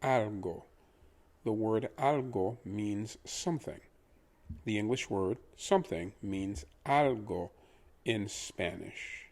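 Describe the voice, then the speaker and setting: A man teaching pronunciation in a patient lesson, repeating each word slowly for the listener to copy. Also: on the low side, darkish tone. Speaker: language teacher.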